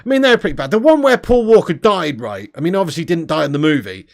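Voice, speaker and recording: A young man hosting a casual livestream, reading super chats, loud and sweary with lots of banter. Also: fairly high pitch, sing-song, fast, vocal fry. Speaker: livestream host.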